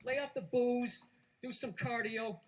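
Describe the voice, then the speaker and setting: A middle-aged man doing a stand-up comedy routine, ranting loudly with profanity and shouted outbursts. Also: very high-pitched, steady tone, a little slow.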